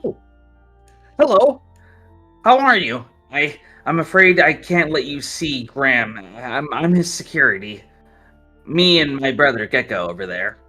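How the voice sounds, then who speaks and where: Guy doing a nervy little kobold bouncer, polite, stutters, highish. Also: sing-song, a little slow, pushed and bright, faint music behind, full character voice. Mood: nervous. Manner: stammering, polite. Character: small nervous male kobold guard.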